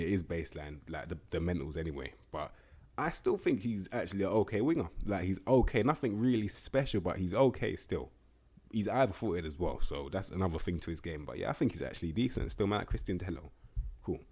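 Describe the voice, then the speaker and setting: Slangy young man, very deep voice. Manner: slangy, animated, swears freely. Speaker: gaming YouTuber. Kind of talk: casual game commentary.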